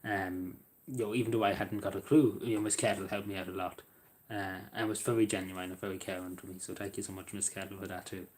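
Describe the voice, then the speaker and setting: A man's voice: deep voice, steady tone, fast, a little mellow. A young Irish man chatting casually on a live stream, rambling with stumbling restarts and talking to viewers by name. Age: young adult. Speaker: live streamer reading chat.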